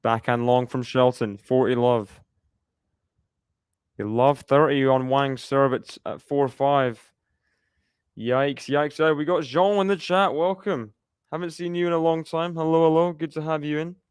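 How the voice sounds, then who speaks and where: A man's voice: on the high side, fairly even intonation, measured pace, darkish tone, clear, resonant tone, no echo. Chatty man calling tennis live. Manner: chatty, reacts aloud and laughs often. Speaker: live stream host. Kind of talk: casual live play-by-play commentary.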